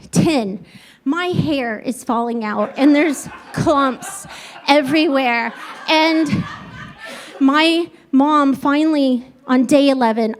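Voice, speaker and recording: A woman with a high, bright voice tells a comic true story to a live audience. She plays every part herself, dropping to hushed confessions and bursting into loud, quick quoted lines. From Kansas, USA. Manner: animated, acts out quoted voices, swings between loud and hushed. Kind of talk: stand-up storytelling on stage.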